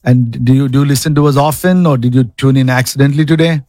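A man's voice: mid-range voice, fast talker, warm tone, no room sound. A man hosting a radio call-in show from a studio, upbeat and reading ads between callers. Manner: upbeat, repeats the call-in number.

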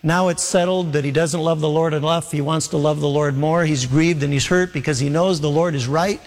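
A man's voice: a little high, fairly even intonation, brisk. A man preaching a sermon as pastor, earnest and emphatic, repeating key phrases for weight. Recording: long hall reverb.

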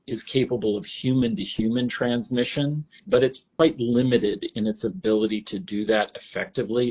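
Low husky man explaining, lo-fi audio. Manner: measured, explanatory. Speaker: state epidemiologist. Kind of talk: interview answers. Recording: dull lo-fi interview audio.

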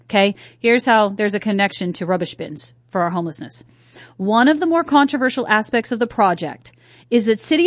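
A woman's voice: a little high, no room sound, studio quality. A woman from North Carolina hosting a talk radio show, chatting casually and asking her listeners rhetorical questions. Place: radio studio. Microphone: studio microphone.

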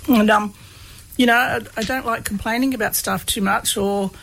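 A woman's voice: fairly high pitch, fairly even intonation, normal speed, vocal fry, fairly bright tone, slight background noise, rough recording. A woman telling a personal story in a casual, hesitant way, full of fillers. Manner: hesitant, many fillers, laughs while telling. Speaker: guest, researcher of comedy.

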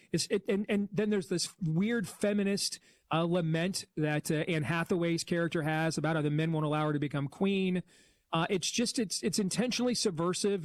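Male filmmaker guest: slightly high pitch, dry close mic, blunt and critical opinions. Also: no room sound. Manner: blunt, critical, many "uh" fillers. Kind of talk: opinionated film commentary.

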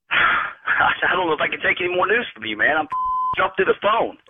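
A man's voice: high voice, big pitch swings, moderate pace, husky. A man on a phone call who sputters in disbelief and keeps laughing through his words. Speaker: prank call victim. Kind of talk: phone call on a radio show.

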